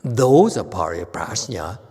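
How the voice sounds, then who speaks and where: A man's voice: fairly low pitch, big pitch swings, measured pace, warm tone, husky. A man giving a casual Buddhist dharma talk as teacher, chatty and teasing, laughing often. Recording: reverberant hall.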